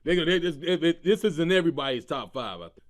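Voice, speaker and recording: A man's voice: a little high, fast. A man hosting his own comedy show, talking casually and with lots of slang, often laughing as he riffs. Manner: animated, slangy, breaks into laughter. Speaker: comedian host.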